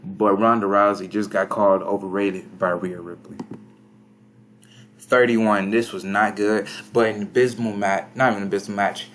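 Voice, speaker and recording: A young man talks through a game in a relaxed, slangy way, often reading numbers and ratings aloud. His voice sits a little low. A faint background hum runs under the recording. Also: normal speed. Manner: laid-back, slangy, reads scores aloud. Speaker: gaming commentator. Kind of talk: casual game commentary.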